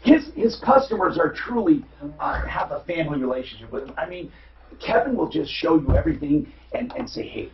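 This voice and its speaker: A man's voice: on the high side, husky, highs cut off. A man hosting a call-in radio talk show, giving blunt, opinionated advice to callers and reading live ads.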